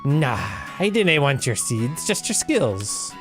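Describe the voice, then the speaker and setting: A folksy, chummy male squirrel bard with a put-on brogue and a lively, swooping delivery, voiced by a man. He wheedles and calls everyone lad, low music underneath. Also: slow. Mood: wheedling. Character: gruff Scottish-sounding male squirrel bard.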